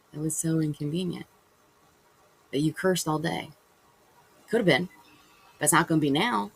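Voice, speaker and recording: Husky rambling vlogger, kinda gravelly, acts out little convos while chatting to the camera. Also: medium pitch, low-quality recording. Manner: rambling, acts out imagined conversations; loose and chatty, with fillers and self-corrections. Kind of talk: casual spiritual monologue to camera.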